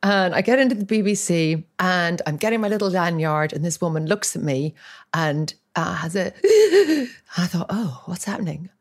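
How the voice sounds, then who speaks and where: A middle-aged Irish woman in casual chat, telling self-mocking stories in an animated way. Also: lowish voice, normal speed. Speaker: podcast co-host, actress, mother.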